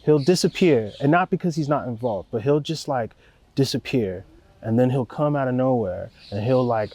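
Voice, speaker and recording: A calm young man speaks in a relaxed, easygoing way, his voice sitting in an ordinary middle register. He rambles a little and swears casually as he talks about the people he works with, like an unhurried interview chat. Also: medium pitch. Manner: laid-back, rambling, swears freely; calm and warm-spoken. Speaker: record producer.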